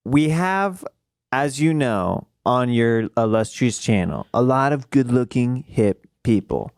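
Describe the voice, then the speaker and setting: A man playing an earnest wannabe performer who pitches himself in a salesy, upbeat way. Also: expressive, takes it slowly, clear, resonant tone, no room sound, clean studio sound. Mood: pitching.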